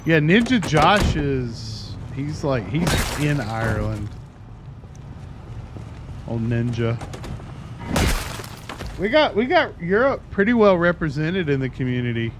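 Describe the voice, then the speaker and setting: A man's voice: on the high side, very animated, takes it slowly, long pauses. A man in his thirties chatting casually and at length with his viewers while streaming a game. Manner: chatty, rambling, self-described talker. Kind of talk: casual chat while playing. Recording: noisy stream audio.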